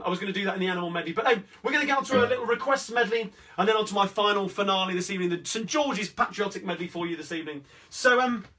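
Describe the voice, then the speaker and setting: A man with a Cockney accent chatting between songs as the host of a live-streamed sing-along, rambling cheerfully through requests and shout-outs. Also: high-pitched, slight background noise. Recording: distant mic with guitar playing.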